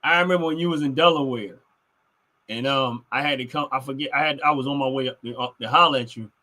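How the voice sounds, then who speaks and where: A man's voice: mid-range voice, fast talker, bright, forceful tone. A man co-hosting a podcast in casual chat, rambling and filling with "you know what I mean". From Philadelphia. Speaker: podcast co-host.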